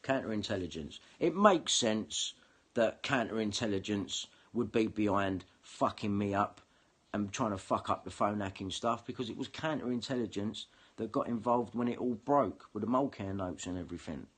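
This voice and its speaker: A man's voice: lowish voice, animated, normal speed, breathy edge. A man ranting angrily and swearing in a monologue to camera. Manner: heated, sweary, confrontational. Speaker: vlogger.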